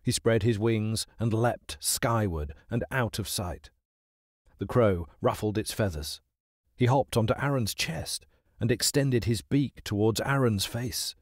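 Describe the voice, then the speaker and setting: A man narrating a dramatized children's audiobook in an expressive, unhurried way. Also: fairly low pitch, dry recording, studio quality.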